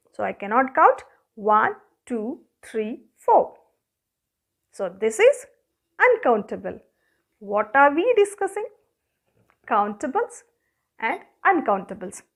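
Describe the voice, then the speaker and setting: A woman with an Indian English accent teaching a grammar lesson, asking questions and answering them herself as she counts objects aloud. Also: high-pitched. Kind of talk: classroom lesson.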